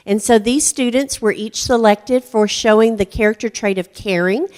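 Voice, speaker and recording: A woman's voice: a little high, normal speed, a little mellow. A woman school administrator speaking at a board meeting, praising a teacher with frequent ums. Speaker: school administrator presenting awards. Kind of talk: public speech at a board meeting.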